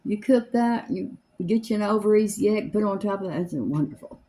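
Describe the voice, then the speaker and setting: A woman's voice: mid-range voice, fairly even intonation, fairly quick, dark tone. A woman, chatting in a rambling, homespun way as she does her makeup at home. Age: 70s. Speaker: makeup vlogger. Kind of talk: casual chat while doing makeup. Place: home, seated in a chair.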